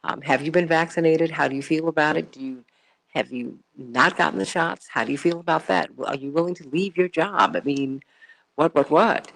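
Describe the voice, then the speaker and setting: A woman's voice: deep voice, moderate pace, vocal fry, fairly bright tone. A woman hosting a morning talk radio show from a studio, chatty and exclamatory, often repeating her words.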